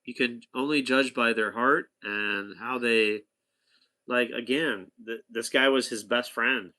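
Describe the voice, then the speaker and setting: Bright-voiced man rambling through a story. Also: medium pitch, fairly even intonation, a little slow. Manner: rambling, chatty, with restarts and asides. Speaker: storyteller talking to a companion. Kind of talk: casual anecdote telling.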